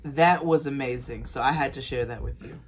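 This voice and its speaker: A man co-hosting a podcast, telling a story casually and acting out the people in it, with bursts of loud laughter. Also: mid-range voice, fairly quick, a little hiss or hum. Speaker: podcast co-host.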